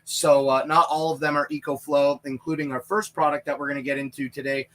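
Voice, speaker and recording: A man's voice: a little high, little pitch movement, brisk, fairly bright tone. A man with a Canadian accent hosting a casual live stream from inside a small camper trailer, chatting in a rambling way and answering viewers' questions. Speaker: livestream product reviewer.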